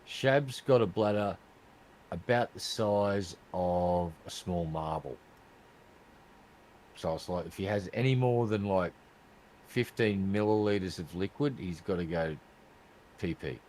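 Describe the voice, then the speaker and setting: A very low-voiced man cracking teasing jokes on a casual podcast. He plays up mock shock at his friends' remarks, with a faint hiss of background noise under his voice. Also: unhurried, long pauses, a little mellow, poor audio. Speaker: podcast co-host.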